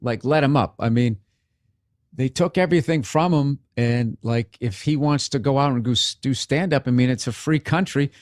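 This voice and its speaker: Measured man answering an interview. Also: mid-range voice, no room sound, clean studio sound. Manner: measured, reasonable, conversational. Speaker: interview guest.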